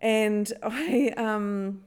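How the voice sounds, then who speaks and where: A woman's voice: mid-range voice, extremely slow, clean tone. A woman, chatting casually as a podcast co-host and acting out quotes as she tells stories. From New Zealand. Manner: animated storyteller acting out quotes. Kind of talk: casual chat.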